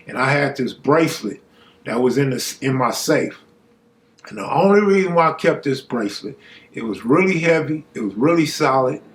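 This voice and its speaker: A man, hosting a stream and telling a true story in casual, profane street talk, raising his voice when he quotes people. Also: medium pitch. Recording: echoey room, faint background hum.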